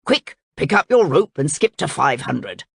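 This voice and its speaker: A woman's voice: low voice, very animated, a little slow, vocal fry, husky, dry recording, full character voice. A woman voicing a bossy, fitness-obsessed middle-aged king in a stern, commanding voice.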